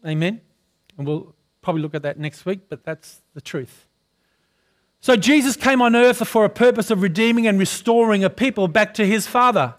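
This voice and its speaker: A male pastor preaching a sermon who keeps putting questions to the congregation and asking for an amen, clearing his throat now and then. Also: high voice, lively intonation, normal speed. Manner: calls for responses from the congregation, often asks questions.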